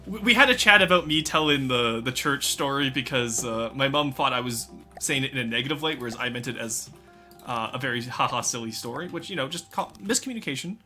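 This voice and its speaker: A man's voice: mid-range voice, fairly quick, faint music behind. A young man chatting with his stream viewers, laughing often. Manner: animated, laughs often, talks to chat. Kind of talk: casual live-stream chat.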